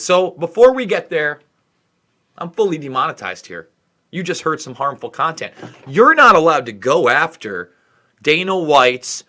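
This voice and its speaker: A man's voice: fairly high pitch, fairly bright tone. Emphatic, indignant male vlog host. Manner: indignant, emphatic, drags out key words. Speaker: online commentary host. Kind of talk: ranting commentary vlog.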